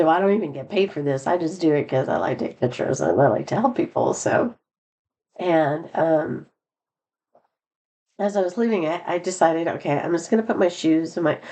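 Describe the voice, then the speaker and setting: Chatty, low-voiced middle-aged woman. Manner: rambling, chatty, laughs often; lively quoted voices. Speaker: vlogger. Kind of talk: casual storytelling.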